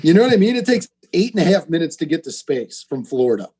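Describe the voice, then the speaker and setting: A man's voice: on the high side, fast, slightly rough. A man telling rambling jokes in casual comedic banter, swearing freely. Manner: rambling, animated, swearing, jumps into mock voices.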